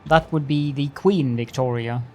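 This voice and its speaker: A man with a medium-pitched voice talks unhurriedly while streaming a factory-building game, with a little hiss or hum in the audio. Greeting chat with playful mock-formality, he walks himself through each step as he chats with viewers.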